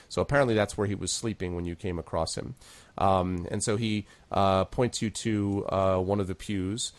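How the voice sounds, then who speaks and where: A man running a tabletop game on a stream, rambling and laughing at himself while narrating. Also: lowish voice. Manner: rambling, self-deprecating, laughs often. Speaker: game master. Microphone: video call.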